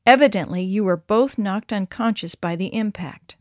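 A calm, faithful father talks gently and steadily in a storybook reading, as a woman puts him on. His voice stays close to the reader's own middle pitch. The sound is dry, with no echo. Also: moderate pace, close to an everyday voice. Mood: reassuring. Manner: steady, reassuring.

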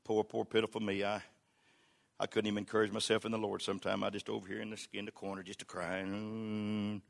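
An older man preaching a sermon as a pastor. He is folksy and humorous, and he swings from shouted exhortation to quiet storytelling. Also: fairly low pitch, little pitch movement, quick pace, gravelly.

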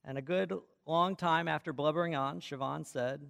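A man's voice: a little high, fairly even intonation, moderate pace, gravelly, a bit bright. A middle-aged man preaching a sermon as pastor, reading scripture and telling stories with rhythm. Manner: storytelling, reads aloud with rhythm. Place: church. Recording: long reverb of a large hall.

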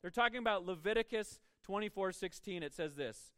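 A man's voice: sits high, lively intonation, brisk, sharp tone, no echo, clean studio sound. A man preaching a sermon as a pastor, emphatic and prone to stumbling over repeated words as he starts each point.

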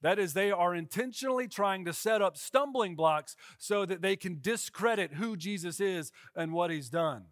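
A man's voice: high voice, expressive, moderate pace, hardly any pauses, fairly bright tone, no room sound, studio quality. A male pastor gives a casual, conversational sermon and often checks in with his listeners.

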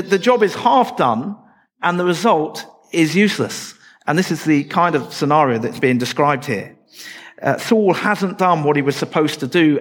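Conversational preacher, fairly high voice. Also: male voice. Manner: conversational, with light asides to the congregation. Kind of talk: sermon.

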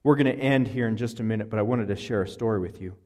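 A man's voice: lowish voice, fast, dark tone. A man preaching a sermon, telling a personal story in an earnest, conversational way with fillers and restarts. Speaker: pastor.

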